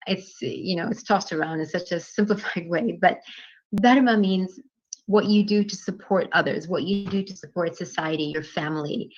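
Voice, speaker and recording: A woman teaching a class, telling old stories in a conversational way with many fillers and restarts. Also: lowish voice. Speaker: dance teacher. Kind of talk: storytelling in a class. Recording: dull lo-fi sound.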